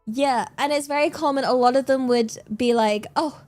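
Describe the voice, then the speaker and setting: A young woman streaming, chatting casually in a giggly, animated, exclamatory way. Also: high-pitched, moderate pace, faint music behind. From England. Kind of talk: casual chat.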